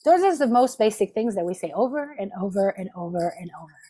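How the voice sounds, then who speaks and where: A woman's voice: mid-range voice, animated, fast, warm tone. A woman therapist giving a lunch-and-learn talk over a video call, explaining step by step and often checking in with "right?". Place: home office, video call.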